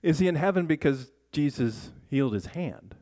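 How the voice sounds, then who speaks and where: A man's voice: a little high, animated, normal speed, warm tone. A man preaching a conversational sermon in a church, talking through the text with his congregation, asking them questions and often restarting sentences. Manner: chatty, asks the congregation questions, frequent restarts. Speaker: pastor.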